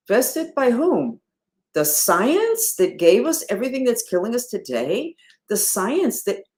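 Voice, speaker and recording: A woman leading a spiritual movement talks straight to her followers in a loose, conversational way. She asks rhetorical questions and leans hard on some words, then drops to a hushed tone. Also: medium pitch. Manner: animated, rhetorical, swings between loud and hushed. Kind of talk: casual spiritual talk to followers.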